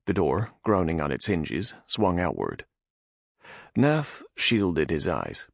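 Low gravelly guy reading a fantasy audiobook, husky, dry close mic. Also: sing-song, a little slow, dry recording. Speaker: audiobook narrator.

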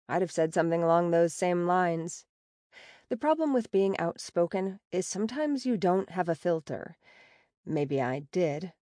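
A woman narrating a story in the first person, with a wry, sarcastic and expressive delivery. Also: fairly low pitch, no room sound, studio quality. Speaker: audiobook narrator.

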